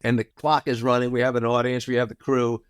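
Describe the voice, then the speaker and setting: Lively storytelling man, dry close sound. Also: mid-range voice, fast talker, smooth, no room sound. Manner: lively storyteller, acts out quotes. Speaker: guest. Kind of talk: casual anecdote telling.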